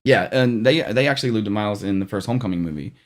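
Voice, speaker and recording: A man hosting a casual movie discussion, relaxed and rambling, with many fillers and restarts. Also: fairly low pitch, racing. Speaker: channel host.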